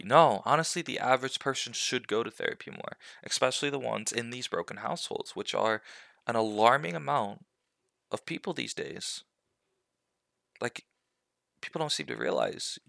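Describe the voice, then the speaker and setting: A young man hosting a podcast, giving his opinions in casual talk and acting out quotes, with a gravelly voice. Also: on the low side, dry recording, clean studio sound. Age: young adult. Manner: animated and opinionated, with acted-out quotes. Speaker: podcast host.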